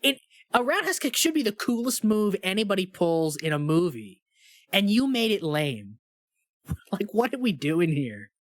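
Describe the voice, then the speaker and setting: A man's voice: sits high, normal speed, no echo, studio quality. Rambling guy ranting about movies. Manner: rambling, lots of "like", animated when ranting. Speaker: podcast co-host. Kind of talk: casual movie review chat.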